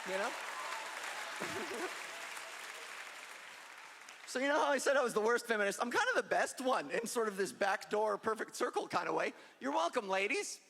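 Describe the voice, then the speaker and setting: On the high side and a bit bright, the voice of this trans woman comedian is animated, moving at normal speed with frequent pauses. She delivers punchy, self-deprecating stand-up to a live audience. The echoey hall carries crowd noise and ambience, plus a little hiss or hum.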